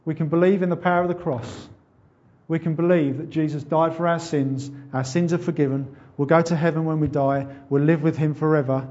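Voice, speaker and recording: A preacher sermonizes with conviction in a slightly high voice, relying on rhetorical questions and building to loud, urgent exhortations. He speaks briskly with fairly even intonation. The recording sounds somewhat dull and muffled.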